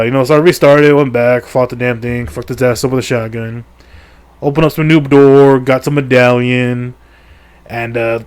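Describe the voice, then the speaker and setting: A middle-aged man recounts a video game story as a video creator, joking crudely, cursing and stuffing his casual, rambling recap with fillers. He has a clear, resonant, medium-pitched voice.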